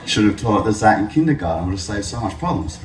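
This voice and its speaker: Aussie guy giving a speech, lowish voice, big echoey hall, mic a bit far off. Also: quick pace, a little hiss or hum. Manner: animated storytelling with jokes. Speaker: speaker at an event. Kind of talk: public speech.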